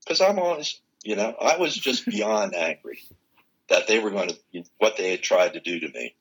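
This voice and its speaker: Husky, low-voiced older man telling a story. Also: moderate pace, rough recording. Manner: animated storyteller who acts out quoted exchanges. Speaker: interview guest. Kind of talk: personal storytelling in conversation.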